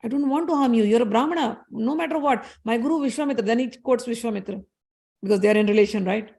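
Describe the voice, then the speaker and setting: A woman voicing a gentle young male prince who reasons calmly and respectfully in a retold story. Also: fairly high pitch, fast, gravelly.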